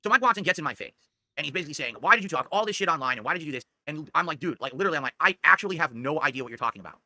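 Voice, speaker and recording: Middle aged guy rambling thru a story real fast, keeps going "okay?", kinda defensive, dry close sound. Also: on the high side, expressive, pushed and bright, no room sound. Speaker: streamer telling a story. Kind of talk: casual storytelling.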